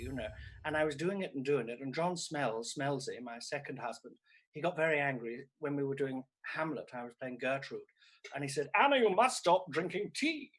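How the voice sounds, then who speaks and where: A man's voice: medium pitch, husky, low-quality recording. A male comedian playing a vain, self-absorbed aging stage actress, hosting a streamed comedy show from home with camp, theatrical, sweary delivery. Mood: bored. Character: vain grande dame actress, middle-aged woman, theatrical and self-absorbed. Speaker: comedian host. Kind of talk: live-streamed character comedy. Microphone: laptop or streaming mic.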